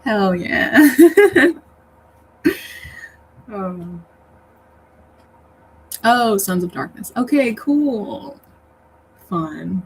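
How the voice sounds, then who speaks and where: Slow-talking, chatty woman streamer. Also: mid-range voice, sing-song, rough recording. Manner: chatty, rambling, laughs often. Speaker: livestream host reading chat. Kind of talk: casual livestream chat. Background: faint fan hum.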